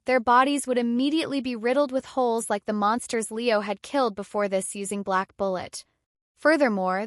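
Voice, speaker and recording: A woman narrating a fantasy audiobook in a steady, measured way, close to the mic. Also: a little high, dry recording.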